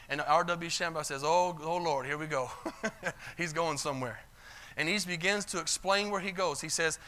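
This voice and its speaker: High bright-voiced preacher telling a story. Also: male voice. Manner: retells stories in quoted voices, calls for amens. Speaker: pastor. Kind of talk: sermon storytelling. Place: church sanctuary.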